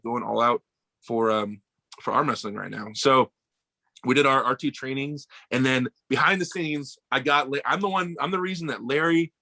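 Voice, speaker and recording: A young American man telling stories in a casual podcast chat, animated and swearing, acting out the people he quotes. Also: medium pitch, dry recording. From United States. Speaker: podcast guest.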